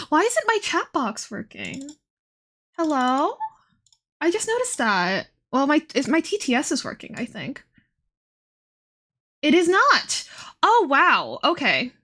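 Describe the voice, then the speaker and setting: A young woman in her twenties livestreaming, her voice pitched a little high. She barely opens her mouth to protect sore, blistered lips, which muffles her words a touch. She rambles chattily, with plenty of fillers and side remarks. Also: a bit bright. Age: 20s. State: sore blistered lips, talking with mouth held nearly closed. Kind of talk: casual chat stream.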